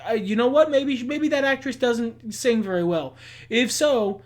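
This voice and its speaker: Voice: medium pitch, a little slow, darkish tone. A podcast co-host in casual chat, blunt and opinionated, swearing freely and often laughing. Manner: laughs often while talking.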